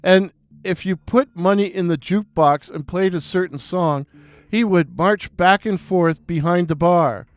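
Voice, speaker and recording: A man from New York City telling a rambling, digressive story in a casual, unhurried way. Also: sits high, smooth. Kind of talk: casual spoken reminiscence.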